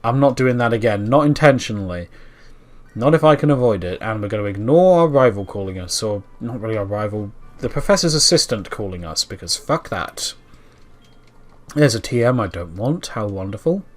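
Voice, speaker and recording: A man's voice: fairly low pitch, lively intonation, fairly quick. A young man with a dry mouth, casually chatting through a video game playthrough, sometimes talking back to the game. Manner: chatty, self-deprecating, talks to the game. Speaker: let's-play host. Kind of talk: casual gameplay commentary.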